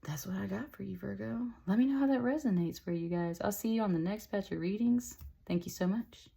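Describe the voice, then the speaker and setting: A woman's voice: medium pitch, a little fast, vocal fry, mellow. Chatty woman giving a tarot reading. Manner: chatty and upbeat, with many fillers and laughs; speaks directly to viewers with endearments. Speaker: tarot reader. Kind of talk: casual tarot reading to camera.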